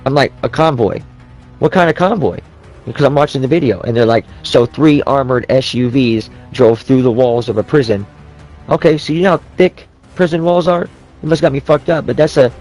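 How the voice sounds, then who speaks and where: A man in a casual, rambling rant, heavy on swearing and quick restarts. His voice sits at an ordinary middle pitch. Faint music plays softly behind him. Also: rough recording. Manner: profane, rambling, with frequent restarts.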